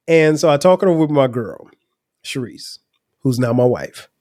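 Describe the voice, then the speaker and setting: A man's voice: mid-range voice, very animated, normal speed, darkish tone. A middle-aged man hosting a podcast, telling a personal story in a casual, conversational way with frequent laughter. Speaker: podcast host.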